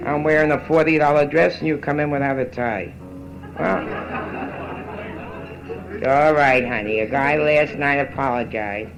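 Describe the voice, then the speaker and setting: A woman's voice: a bass voice, unhurried, long pauses, over music, rough recording. A middle-aged woman doing bawdy live stand-up in a nightclub, brassy and boozy, teasing the audience between jokes. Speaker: nightclub comedian. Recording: vintage live club record with band. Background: live band.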